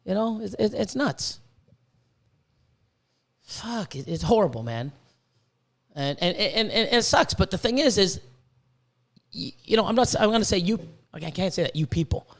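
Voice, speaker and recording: Male podcast host, fairly high voice, swears constantly, stumbles over restarts while ranting. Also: animated, moderate pace, long pauses. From Canada. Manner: profane, worked-up, repetitive stammering restarts. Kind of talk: casual ranting podcast talk.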